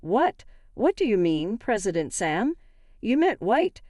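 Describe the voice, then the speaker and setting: A woman's voice: mid-range voice, very animated, unhurried, a little mellow, dry recording, studio quality, pitched above the performer's own voice. A woman voicing a worried male branch president who asks urgent questions. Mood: anxious.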